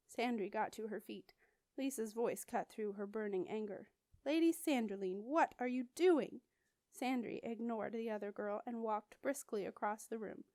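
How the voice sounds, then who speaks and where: A woman narrating a novel as an audiobook, measured and clear. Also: fairly high pitch, a little mellow, no room sound. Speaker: audiobook reader.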